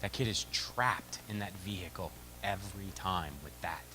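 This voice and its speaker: A man speaking as a youth sports presenter at a meeting, telling animated stories in a conference talk. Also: low voice, moderate pace, music in the background. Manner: animated storytelling. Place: meeting venue.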